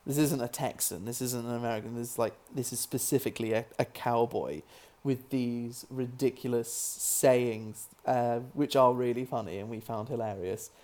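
A man's voice: medium pitch, steady tone, normal speed, few pauses, a little mellow. A British man being interviewed as a filmmaker guest, talking casually with many restarts and an amused tone.

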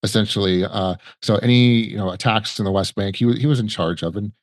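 A man's voice: fairly low pitch, a little fast, dry recording. A man as a podcast guest, chatting casually and rambling with many restarts. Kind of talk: casual conversational storytelling.

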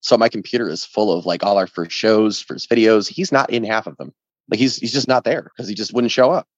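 A man with a low voice tells a story in casual podcast talk, animated and salty with his words. The sound is dull and lo-fi with no room echo. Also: fairly quick. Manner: animated, acts out quoted voices, swears freely. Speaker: band member guest.

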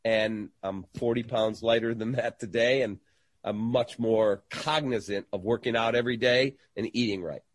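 A man's voice: lowish voice, normal speed, no room sound, clean studio sound. A middle-aged man, a guest in an interview, telling a story and acting out the people in it. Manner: animated storyteller who acts out quoted voices.

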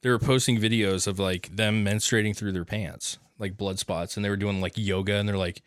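A man's voice: fairly low pitch, steady tone, brisk, no room sound, studio quality. A man in casual podcast chat, blunt and emphatic, swearing freely.

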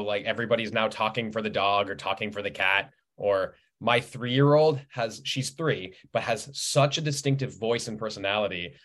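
A man in his thirties talks casually as a guest author. He has a middle-pitched voice and tells his stories with animation. Now and then he slips into quoted voices. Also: a bit bright. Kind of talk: casual conversational interview.

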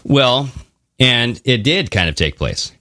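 This podcast co-host speaks slowly in a medium-pitched, sing-song voice that is bright and forceful, recorded dry with clean studio sound. His talk is casual and animated, with occasional swearing and funny voices used to mock others.

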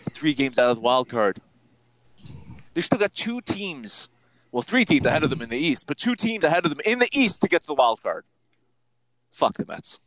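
Ranting, profane animated man. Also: on the high side, no echo, low-quality recording. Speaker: podcast co-host. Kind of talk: casual sports podcast banter.

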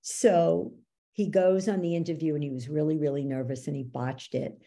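A woman coach explaining how beliefs work, teaching through lively anecdotes and acting out what people said. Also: low voice, moderate pace, vocal fry. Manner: animated storyteller, acts out quoted dialogue. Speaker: belief coach, podcast guest.

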